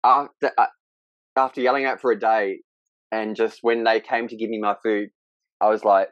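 Man, halting and emotional. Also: lowish voice, fairly even intonation, no echo, dull audio. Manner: emotional, halting retelling with many restarts. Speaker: podcast guest. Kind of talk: candid conversation.

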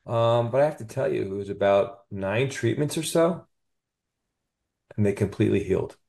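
A man with a fairly low, gravelly voice recounts a patient story as a podcast guest. He sounds enthusiastic and keeps checking in with "you know" and "okay?" as he tells it. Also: animated, normal speed, darkish tone. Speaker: chiropractor guest.

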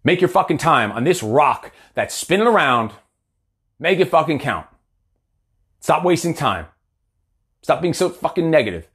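A man's voice: a little high, big pitch swings, normal speed, pauses often, a bit bright. A man in his forties, a coach giving a blunt, profane, fired-up motivational talk. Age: 40s. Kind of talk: motivational monologue.

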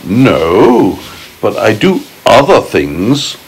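Storybook earthworm, male, boastful know-it-all, voiced by a father reading aloud, slow and lively in pitch. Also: vocal fry, very noisy, full character voice. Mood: proud. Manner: proud, lecturing storybook voice. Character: proud, chatty male earthworm.

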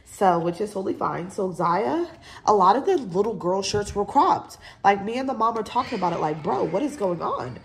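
A woman's voice: medium pitch, animated, a little fast. A young woman vlogger casually showing off a shopping haul, chatty and rambling with lots of fillers, sounding a bit congested. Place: home. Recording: noisy home recording.

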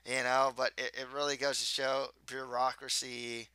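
A man's voice: mid-range voice, little pitch movement, normal speed, pushed and bright, clear, resonant tone, dry recording. A man giving a casual, rambling spoken movie review, often restarting his sentences. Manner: rambling, with frequent restarts and stumbles.

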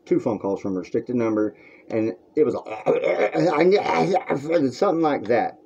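Taking it slowly, a man rants to the camera on his vlog with lively intonation in a medium-pitched voice that's warm, breathy at the edges and marked by vocal fry. The rambling, crude and heated monologue comes from a room at home on a dull lo-fi recording.

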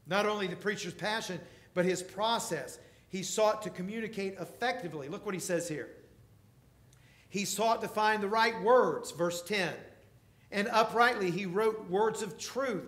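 A male pastor preaching a sermon, emphatic, swinging between loud passages and quiet ones. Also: high-pitched, moderate pace, echoey room. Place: church.

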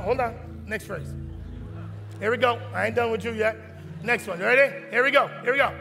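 Preacher man, very high voice, gravelly edge, long church reverb, faint music behind. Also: moderate pace, sharp tone. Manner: preaching, leads the congregation in responsive prayer. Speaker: pastor. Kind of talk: sermon. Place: church sanctuary.

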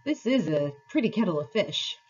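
A woman voicing a brave, bossy young girl who speaks in a brisk, urgent way. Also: lowish voice, very animated, darkish tone, slightly rough, highs cut off, heavily acted. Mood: exclaiming.

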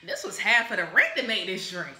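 Bright-voiced, rambling comedic woman host. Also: medium pitch, big pitch swings, a little fast, soft background music. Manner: exuberant, rambling, whooping. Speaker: comedy cocktail show host. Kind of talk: casual comedic chat while mixing drinks. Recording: echoey room.

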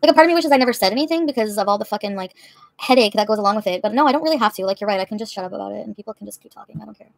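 A woman's voice: mid-range voice, expressive, very fast, gravelly, no room sound. A woman livestreamer answering her chat in a heated, profane, confrontational rant.

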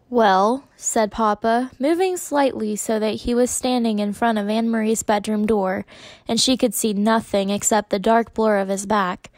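A woman's voice: on the high side, normal speed, no room sound. A woman teacher reading a chapter book aloud to her class, giving the characters light voice shifts. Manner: gives the characters small voice shifts, mostly in her own voice. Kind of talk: read-aloud storytelling.

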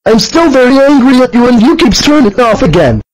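A man voicing Barney, squeaky and furious. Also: sing-song, a little fast, dry recording, poor audio. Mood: scolding. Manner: scolding, repeats threats. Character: angry purple dinosaur, male, fed up.

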